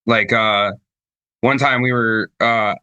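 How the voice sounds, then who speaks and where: Bright-voiced man rambling casually. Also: medium pitch, fairly even intonation, slow, clean tone, dry recording, muffled recording. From Michigan, United States. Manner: rambling storyteller, heavy swearing, many fillers. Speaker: podcast guest, band vocalist. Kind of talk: casual chat.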